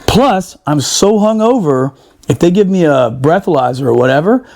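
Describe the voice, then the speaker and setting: A man, a former Marine, telling a profane, animated story on a podcast and laughing often. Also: fairly high pitch, moderate pace. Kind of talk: casual storytelling.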